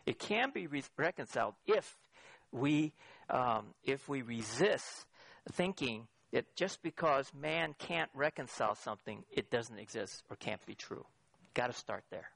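A man's voice: mid-range voice, vocal fry, husky, dry recording. A middle-aged man preaching a sermon as pastor, asking the audience questions and swinging his voice up for emphasis. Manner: lively, questioning the audience directly.

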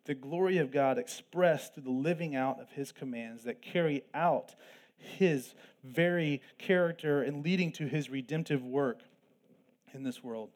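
A pastor preaching an earnest sermon, with plain asides between scripture readings. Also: male voice, medium pitch, darkish tone. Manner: earnest preaching with asides and quick self-deprecating jokes. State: throat tickle, coughing at times.

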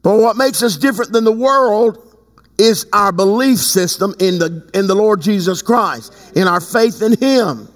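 A man preaching a sermon as bishop of his church, talking conversationally and breaking into loud emphatic bursts. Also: sits high, measured pace. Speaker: bishop and pastor. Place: church sanctuary. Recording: long reverb in a large hall.

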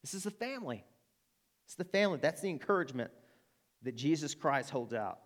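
Earnest Arkansas pastor preaching. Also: male voice, on the high side, big pitch swings, fairly quick. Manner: earnest, emphatic, rising to passionate appeals. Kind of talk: sermon. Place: church.

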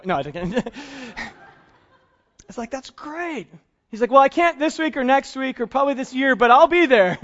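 High-voiced pastor telling lively stories. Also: male voice, highs cut off. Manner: animated storytelling, acts out both sides of dialogues, self-deprecating humor. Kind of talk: conversational sermon with stories. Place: church service.

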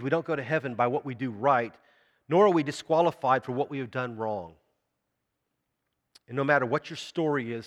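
A man delivers a sermon in a conversational way, putting questions to the congregation. His voice sits at a medium pitch. A long reverb from the church hall trails every phrase. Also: a bit bright. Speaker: pastor.

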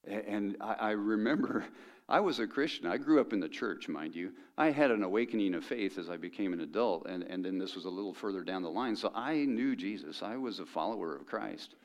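A man's voice: on the low side, expressive, a little fast. A middle-aged man preaching a sermon as pastor, conversational and joking with the congregation.

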